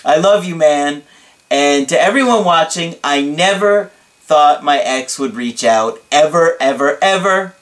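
A dramatic, excitable young man pours out his thanks, drawing every word out slowly and theatrically, as a man puts him on. The voice sits a little high for a man. He leans hard on each phrase for effect. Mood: gushing. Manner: drawn-out dramatic emphasis.

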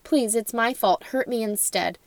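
A woman's voice: on the high side, a little slow, dry recording, pitched above the performer's own voice. A woman reading aloud as a broken old male wizard, pleading and desperate.

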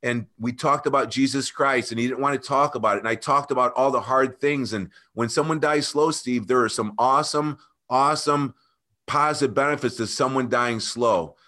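Man, podcast guest, earnest, animated storytelling. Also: mid-range voice, moderate pace. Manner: earnest, animated, addresses host by name. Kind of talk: emotional storytelling.

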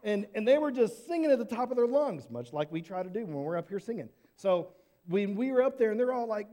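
A man telling a Bible story to children in church, casual and animated, often asking questions. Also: sits high, a little fast.

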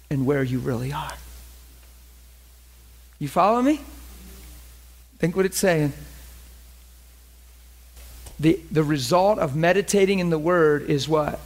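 A man with a somewhat high-pitched voice teaches scripture to a small group. His delivery is earnest and conversational. He keeps asking whether his listeners follow him. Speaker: Bible study teacher. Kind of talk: informal Bible study teaching.

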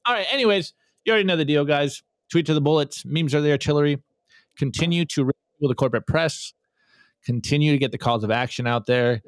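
A man hosting a podcast, reviewing memes in casual, energetic chat and often repeating words as he starts sentences. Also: fairly high pitch, quick pace, dry recording, studio quality. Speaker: podcast host.

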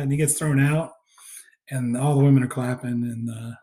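Speaking at a normal pace with fairly even intonation, this male podcast co-host has a mid-range voice and a dark tone. His casual movie recap wanders, loaded with fillers and acted-out quotations.

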